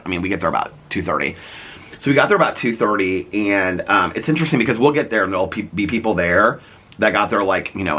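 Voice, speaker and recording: A man vlogging, telling a long rambling story in a casual, excitable way with many fillers. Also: sits low, slightly rough.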